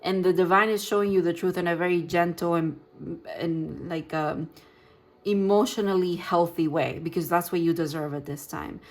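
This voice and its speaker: A woman giving a gentle, reassuring tarot reading, talking in loose, rambling sentences with restarts. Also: lowish voice, steady tone, moderate pace. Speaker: tarot reader. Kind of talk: pick-a-card tarot reading.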